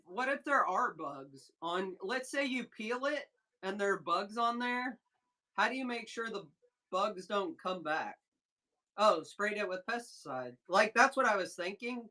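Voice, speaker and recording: A woman hosting a casual live sales stream, chatting excitedly with viewers and reading their comments aloud. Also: medium pitch. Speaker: livestream seller host. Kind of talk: casual livestream chat with viewers.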